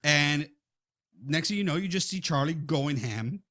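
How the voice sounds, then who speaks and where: A man co-hosting a horror film podcast, retelling a scene in lively casual chat and acting out the characters' lines. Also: fairly high pitch, measured pace. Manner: animated storytelling, acts out quotes. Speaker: podcast co-host.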